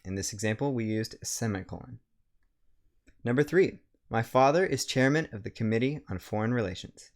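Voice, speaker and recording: A man from a writing center giving a recorded grammar lecture, explaining step by step and slowing down to read example sentences. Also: mid-range voice.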